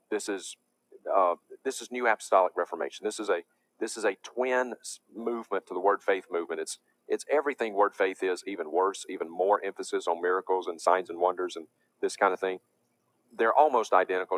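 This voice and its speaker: Emphatic low-voiced male preacher. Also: no room sound. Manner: emphatic, indignant. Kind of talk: preaching lecture.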